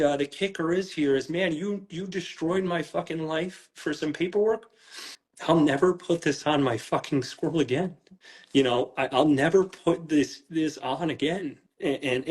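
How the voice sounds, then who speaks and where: A man talks through an interview on camera in a fairly high voice. He is upset and near tears, stumbling over his words and starting sentences again, and he swears as he speaks. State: close to tears. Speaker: pet owner interviewed about a raid.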